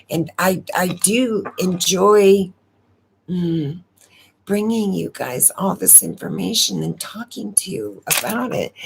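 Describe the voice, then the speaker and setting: A woman's voice: fairly low pitch, gravelly, darkish tone, slight background noise. A woman hosting a casual live stream, talking in a rambling, emotional way and repeating words as she goes. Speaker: astrology channel host.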